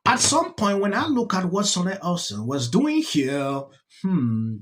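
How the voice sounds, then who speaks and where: A man's voice: high voice, very animated, a little slow, a bit bright. A man with a Nigerian accent giving exasperated, emphatic reaction commentary on a talk-show clip.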